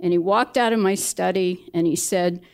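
A woman tells a true personal story live in a small venue. She talks in a lively, expressive way, and the audience laughs now and then. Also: on the low side, moderate pace, clean tone.

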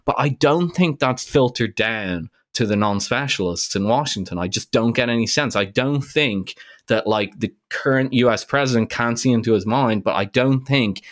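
A man co-hosting a casual current-affairs podcast, talking in an animated, incredulous way with frequent restarts. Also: medium pitch, normal speed. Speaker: podcast co-host.

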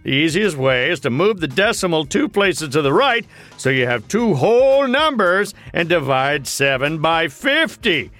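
A man's voice: a little high, very animated, unhurried, a bit bright, soft background music. A man doing a grumpy, impatient cartoon know-it-all. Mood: lecturing. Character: grumpy impatient adult male math guest. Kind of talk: cartoon voice acting.

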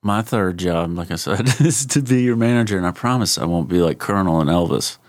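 A man with a Savannah Georgia accent hosting a podcast in casual chat, jokey and quick to laugh. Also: sits low, expressive, no echo, clean studio sound. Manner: laughs often, jokey and upbeat. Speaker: podcast host.

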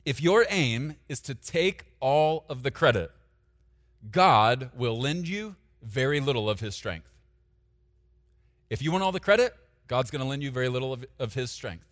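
A man pastor preaching a sermon, swinging from loud emphatic declarations to quiet asides while talking straight to the congregation. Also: medium pitch, expressive, moderate pace, long reverb tail. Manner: directly addresses the congregation, asking them to take notes.

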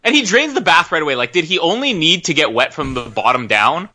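Very animated man with a bright voice. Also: on the high side, brisk. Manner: animated, laughing, blunt. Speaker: podcast co-host. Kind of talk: casual film commentary chat.

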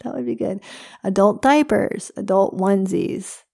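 A woman's voice: mid-range voice, measured pace, vocal fry, darkish tone, husky. Wry, blunt woman, close on the mic. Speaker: podcast co-host. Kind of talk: casual chat. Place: a different room than usual.

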